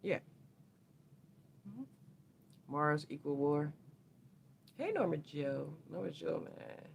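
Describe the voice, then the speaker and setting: A woman's voice: sits low, expressive, slow pace, vocal fry, slight background noise. A woman hosting a casual astrology livestream, talking to viewers in a slangy, rambling way.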